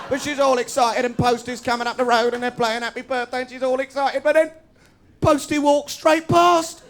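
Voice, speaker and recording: A man performing a fast, sarcastic stand-up routine for a live audience, ranting and then breaking into sudden shouts. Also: high voice, slight background noise. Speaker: stand-up comedian. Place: students' union bar with live audience.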